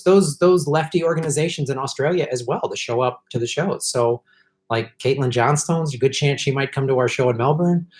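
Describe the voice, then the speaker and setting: A man hosting a casual live stream, chatting with viewers, clearing his throat often and swearing in frustrated outbursts at the tech. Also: mid-range voice. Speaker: political comedian and live stream host.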